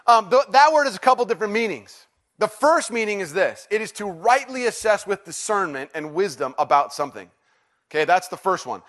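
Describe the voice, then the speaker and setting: A pastor with a high-pitched voice preaches to his congregation in a chatty, self-deprecating way. He jokes, asks for a show of hands and counts them into call-and-response. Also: a bit bright. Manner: joking, conversational, gets congregation to respond. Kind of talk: sermon. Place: church sanctuary with congregation.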